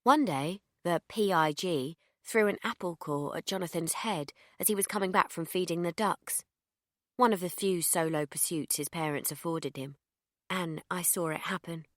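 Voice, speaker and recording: A young woman narrating an audiobook in the first person, delivering dark, comic asides with a deadpan manner. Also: fairly low pitch, moderate pace, no echo. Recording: dry close studio sound.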